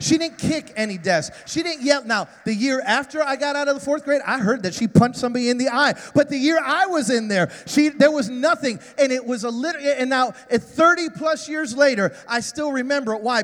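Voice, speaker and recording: A man preaching a sermon, telling funny stories with emphatic, shouted high points. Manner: animated, humorous storytelling with emphatic shouts. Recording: long hall reverb.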